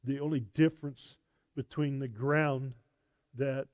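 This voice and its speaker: A male pastor teaching a sermon in a conversational way, pausing often with fillers and restarting phrases. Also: mid-range voice, steady tone, darkish tone, dry recording, lo-fi sound. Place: church sanctuary.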